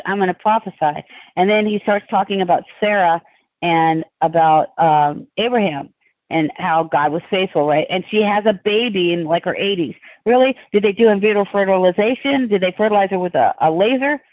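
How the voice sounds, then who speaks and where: A woman guest on a podcast, telling long rambling stories in a casual, animated way. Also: medium pitch, normal speed, dry recording, highs cut off. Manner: rambling, animated, digressive storytelling.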